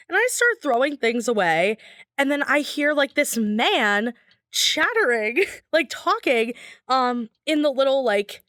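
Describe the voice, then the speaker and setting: Bright, high-voiced young woman storyteller. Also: dry recording, clean studio sound. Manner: animated, laughs often, acts out voices in her story. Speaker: podcast guest. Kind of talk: casual storytelling.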